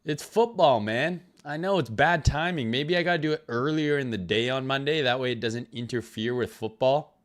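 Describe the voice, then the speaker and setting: At medium pitch and normal speed, a man hosts a crypto trading livestream, recovering from an illness. His style is loose and profane, and he greets viewers by reading their chat names out loud.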